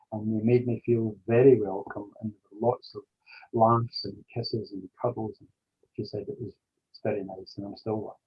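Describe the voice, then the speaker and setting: A man, an interview guest, telling a personal story slowly and deliberately. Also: mid-range voice, husky, dull audio.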